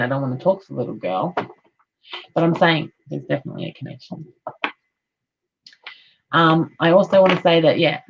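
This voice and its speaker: A woman's voice: low-pitched, gravelly, slightly rough, dull audio. A woman giving a psychic medium reading in a chatty, affectionate way, calling listeners honey and darling. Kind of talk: live online reading, casual chat.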